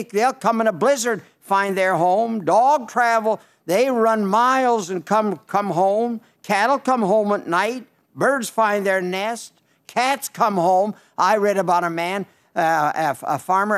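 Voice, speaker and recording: An older man preaching on the radio, answering listener letters as folksy, emphatic stories with repeated phrases. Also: high-pitched.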